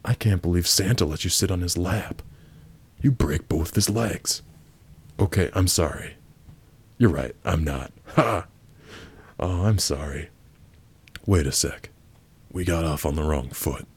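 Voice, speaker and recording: Brief: man, extremely low and raspy voice, blunt, crude prank-chat delivery. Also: unhurried, pauses often. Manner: blunt, crude and abrasive, with sudden outbursts. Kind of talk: crude prank role-play reading a chat aloud.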